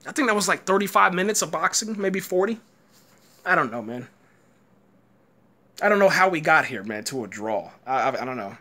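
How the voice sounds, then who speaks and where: A man's voice: on the high side, very animated, moderate pace, long pauses, pushed and bright. A man giving a live, rambling reaction rant, frustrated and full of fillers like "man". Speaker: boxing commentator host.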